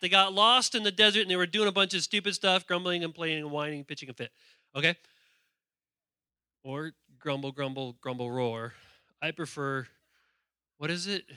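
Bright high-voiced man preaching playfully. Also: no echo, clean studio sound. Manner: playful, calls out to the congregation; reads scripture aloud with asides. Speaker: pastor. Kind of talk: lively sermon.

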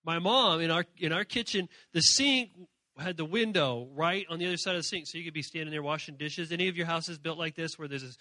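A man giving an animated youth sermon, telling stories and acting out voices from shrieks to soft murmurs. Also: on the high side, fast, no echo. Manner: animated storytelling, acts out characters in shrieks and murmurs. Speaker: youth speaker.

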